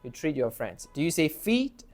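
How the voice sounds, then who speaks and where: A man's voice: on the high side, sing-song, normal speed, loud music behind the voice. A man teaching an English class, asking students questions and modeling phrases for them to repeat. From Myanmar. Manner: encouraging, asks questions, models phrases for repetition.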